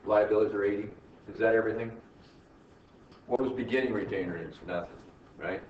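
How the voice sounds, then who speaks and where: An American accounting instructor gives a classroom lecture in a lowish, fairly quick voice, peppering students with "right?" questions and wry, teasing jokes. The recording is from far off in an echoey classroom, muffled, with faint hiss.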